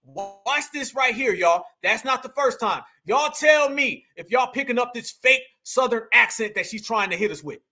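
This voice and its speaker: Loud animated man reacting to clips. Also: extremely high pitch, moderate pace, few pauses, faint music behind. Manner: animated, scolding, heavy slang. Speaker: commentary host.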